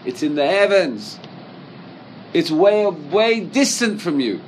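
A man's voice: a little high, very animated, takes it slowly, a little hiss or hum, poor audio. A man teaching a Torah class in English, reciting Hebrew verses and asking many rhetorical questions.

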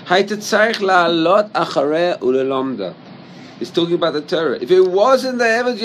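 A man's voice: a little high, very animated, unhurried, long pauses, slight background noise, poor audio. A man teaching a Torah class in English, reciting Hebrew verses and asking many rhetorical questions.

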